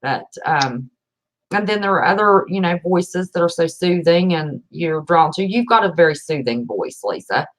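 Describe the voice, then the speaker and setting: A woman's voice: fairly low pitch, animated, normal speed, a little hiss or hum, rough recording. An older woman hosting a casual chat, folksy and chatty, laughing often. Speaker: host.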